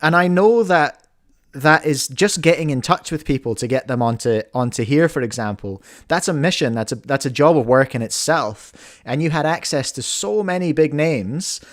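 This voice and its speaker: A man's voice: a little high, expressive, normal speed, dry recording, studio quality. A man, hosting a podcast and telling stories in a casual, laid-back way. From New Zealand. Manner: laid-back, chatty storyteller. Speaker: podcast host. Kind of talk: casual chat.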